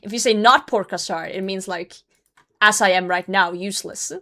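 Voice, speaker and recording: With a sharp tone at medium pitch and normal speed, a young woman chats with viewers while streaming a game. Her casual commentary is blunt and self-deprecating, full of laughter and the occasional curse when she gets frustrated.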